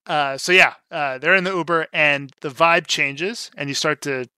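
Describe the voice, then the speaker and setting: A man's voice: a little high, moderate pace, sharp tone, clear, resonant tone, no room sound. A young man casually recapping a film scene, chatty and rambling with lots of fillers and acted-out quotes. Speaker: film discussion co-host.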